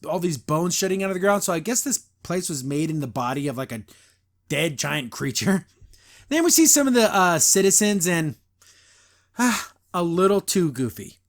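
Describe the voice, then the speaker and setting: Middle-aged male podcast host, raised pitch, loose rambling review delivery with many fillers. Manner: rambling, lots of "like" and "uh", quick put-on voices when recapping scenes. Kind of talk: casual review chat.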